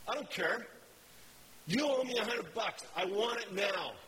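A man voicing a petty neighbor who loudly demands a small debt. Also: sits high, expressive, unhurried, in a large hall, a little hiss or hum, pitched above the performer's own voice, full character voice, rough recording. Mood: demanding. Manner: pushy, loud.

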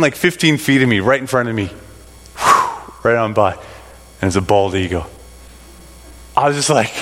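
A man's voice: mid-range voice, a bit bright. A middle-aged man telling a rambling personal story to a congregation, full of fillers and restarts. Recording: long reverb of a large hall.

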